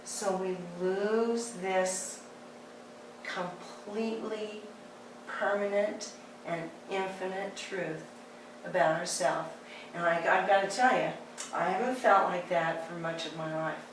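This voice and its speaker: A woman's voice: on the low side, fairly even intonation, slow, noisy background. A woman giving a candid, conversational talk and telling a personal story. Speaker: speaker. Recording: echoey hall, distant mic.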